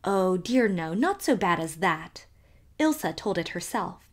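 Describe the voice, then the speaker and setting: A woman's voice: fairly low pitch, sing-song, a little slow. A woman reading as a prim gossiping village matron. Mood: disapproving. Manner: tolerant, mock-pleasant disapproval.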